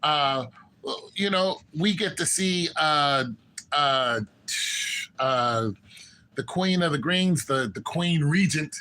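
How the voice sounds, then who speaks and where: A man's voice: slow, pauses often, a little hiss or hum, rough recording. A man casually recapping and giving his opinion on a TV finale, animatedly acting out characters' lines. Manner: animated, acts out characters' lines with shifts in pitch. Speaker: TV show commentator.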